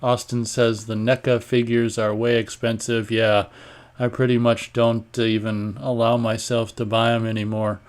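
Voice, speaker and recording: A man of middling pitch hosts a live stream, reading viewer comments aloud and riffing on them. He talks in a loose, rambling, offhand way and keeps stopping to clear his throat. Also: flat delivery, moderate pace. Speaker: host of a live online radio stream.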